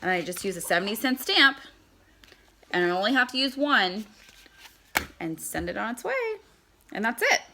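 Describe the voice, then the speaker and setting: A woman's voice: medium pitch, very animated, normal speed, pauses often, noisy background. A woman giving a casual how-to demonstration, chatting as she packs and handles mail. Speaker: product seller.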